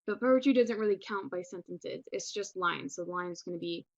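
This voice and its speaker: A woman's voice: lowish voice, brisk, gravelly, a little mellow, no room sound, dull audio. Casual encouraging woman teacher. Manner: casual, encouraging, many fillers. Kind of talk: recorded online lesson.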